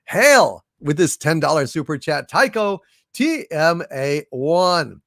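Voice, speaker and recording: Speaking slowly with big pitch swings, a man with a high-leaning, fairly bright voice hosts a relaxed live stream. He reads viewer messages and showers donors with grand hails and hummed fanfares; the recording is dry and studio quality.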